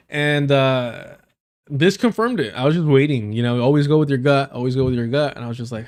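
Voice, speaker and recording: A man's voice: medium pitch, brisk. A man hosting a live stream, giving blunt, profane and emphatic casual commentary while reacting to clips.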